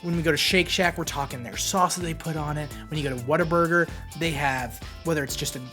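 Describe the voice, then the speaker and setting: A man ranking fast food in a casual vlog, brash and playfully combative, swinging between loud jabs and muttered asides. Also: a little high, steady tone, soft background music.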